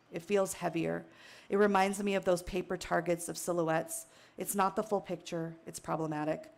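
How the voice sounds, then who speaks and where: A woman from Wyoming reading her own prose to an audience, measured and reflective, with a brief emotional catch. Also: fairly low pitch, vocal fry. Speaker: author reading her work. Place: outdoor tent stage.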